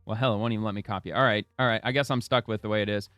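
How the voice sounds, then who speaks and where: A man's voice: on the low side, fairly even intonation, rapid-fire, fairly bright tone, dry recording, clean studio sound, faint music behind. A man hosting a casual political commentary show, reading a press release aloud and breaking in with blunt, profane asides.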